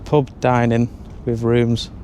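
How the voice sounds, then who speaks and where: Give me a man with a mid-pitched voice, joking dryly as he vlogs. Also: completely flat delivery, slow, warm tone, a little hiss or hum. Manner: dry, joking pub reviews. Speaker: travel vlogger. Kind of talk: casual vlog chat. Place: pubs and streets, in and out of doors.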